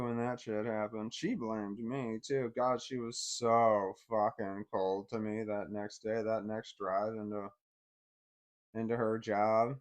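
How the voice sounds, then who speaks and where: A middle-aged man telling a personal story in a blunt, heavily profane way, swinging between anger and quiet bitterness. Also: mid-range voice.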